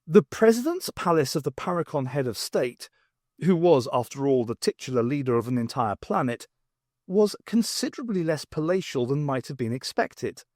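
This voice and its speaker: A male audiobook reader with a fairly high voice narrates an unabridged novel, measured and expressive in his storytelling. The studio sound is clean, with no room sound.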